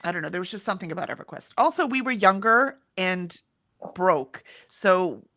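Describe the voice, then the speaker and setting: A woman's voice: lowish voice, expressive, moderate pace, pushed and bright, dry recording. A middle-aged woman co-hosting a casual livestream chat, rambling, restarting sentences and laughing often. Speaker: co-host of a livestream. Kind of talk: casual chat, reading chat comments aloud.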